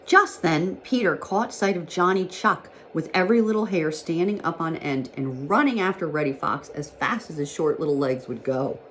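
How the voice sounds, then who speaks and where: A woman teacher reading a storybook aloud to first graders in a gentle, expressive storytelling manner. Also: low-pitched, moderate pace, hardly any pauses, a little hiss or hum. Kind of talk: storybook read-aloud for children.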